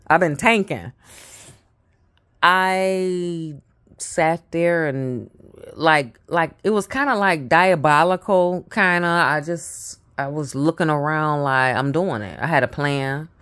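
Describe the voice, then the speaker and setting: A woman tells a story at an unhurried pace. She stumbles and repeats words, then trails off into quiet mutters before picking the thread back up. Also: low voice. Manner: halting, repeats herself, drops to mutters. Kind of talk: casual personal storytelling.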